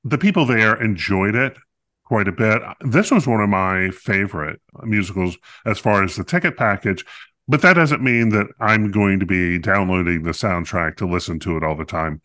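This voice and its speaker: Bright-voiced talkative man, low pitch. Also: animated, moderate pace. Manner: talkative, playful, many fillers and restarts. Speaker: podcast co-host reviewing a musical. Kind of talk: casual chat.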